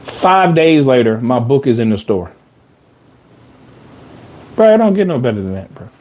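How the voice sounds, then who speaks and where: A man hosting a podcast, telling a personal story in a casual, animated way, full of slang and repeated phrases for emphasis. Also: mid-range voice, normal speed. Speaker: podcast host.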